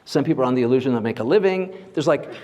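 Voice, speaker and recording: A man of middle pitch talks casually through a lecture, with a loose, chatty delivery full of asides and quick check-ins with the room. His voice carries a long reverb from the big hall he speaks in. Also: lively intonation, crowd noise. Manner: chatty and conversational, leans on "like" and "right?" checks with the audience. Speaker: guest lecturer, portrait photographer. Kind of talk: informal lecture to a live audience. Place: large lecture hall at a symposium.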